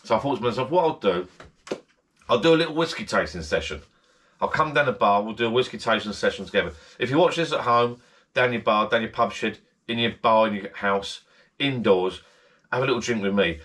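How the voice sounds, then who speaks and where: A man with a fairly low voice hosts a casual, chatty vlog from his garden shed bar. He rambles, circles back and repeats himself, talking straight to the viewer in a friendly way. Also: brisk, fairly bright tone. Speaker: channel host.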